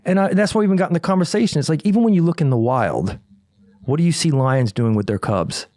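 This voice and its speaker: A man's voice: on the high side, animated, fast, darkish tone, no room sound, studio quality. A young adult man co-hosting a podcast, telling a story in casual chat, acting out the voices and swearing freely. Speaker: podcast co-host.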